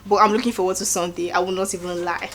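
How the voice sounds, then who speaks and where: A woman with a Nigerian accent giving a casual recap, acting out quotes in an animated way and adding preachy asides. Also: lowish voice, quick pace, slight background noise. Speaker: show recap host. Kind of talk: casual reality-show recap.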